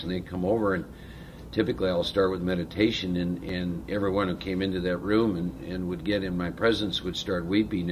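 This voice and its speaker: A man speaking earnestly to a recovery group about his own spiritual experience, pausing often with fillers. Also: sits low, fairly bright tone, slight background noise. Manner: earnest, halting with frequent fillers. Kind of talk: personal testimony to a group.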